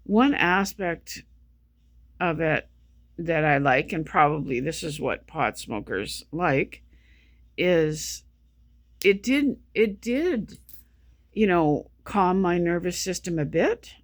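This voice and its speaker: A vlogger with a medium-pitched, sing-song voice speaks slowly in a casual monologue, sounding exhausted, sleep-deprived and sick. They ramble, repeat themselves and keep restarting sentences. The recording is clean studio sound with no room sound.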